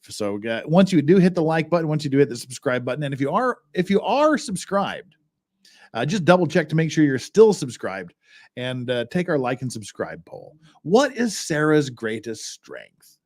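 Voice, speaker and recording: A man's voice: on the high side, sing-song, moderate pace, darkish tone. A man hosting a livestream, chatting casually and thinking aloud as he goes through documents. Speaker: livestream host.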